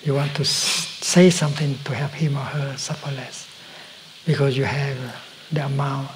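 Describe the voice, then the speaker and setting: Gentle, halting man giving a dharma talk. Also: a little high, noisy background. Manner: slow, gentle, halting with many pauses and soft whispered stretches. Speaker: meditation teacher.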